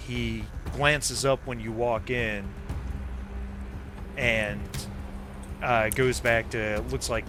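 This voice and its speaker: A man narrating a tabletop game as game master, casual and halting. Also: fairly low pitch. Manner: casual, halting with many fillers.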